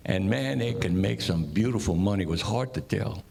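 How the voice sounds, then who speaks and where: A man's voice: lowish voice, normal speed, vocal fry, a little mellow. A man telling jokes to an audience, who chuckles at his own punchlines. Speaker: joke teller.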